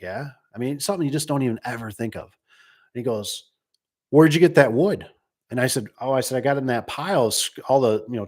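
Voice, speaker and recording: A man chats casually about his work installing doors, telling a meandering story about a customer. He keeps checking in with "right?" and "you know?" and his voice sits at an everyday middle pitch. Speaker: garage door installer.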